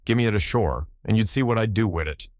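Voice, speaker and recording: A man's voice: lowish voice, a little fast, no room sound, studio quality, voice pushed up, lightly acted. Man doing an old Irish sailor spinning yarns. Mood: gruff. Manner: yarn-spinning, lilting, animated.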